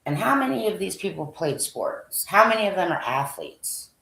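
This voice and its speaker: Female vlogger, low and gravelly, lively rambling delivery, whispers while reading lists; echoey room. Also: moderate pace. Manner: thinking aloud, rambling, trailing off with frequent fillers. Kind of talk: casual commentary while browsing a website.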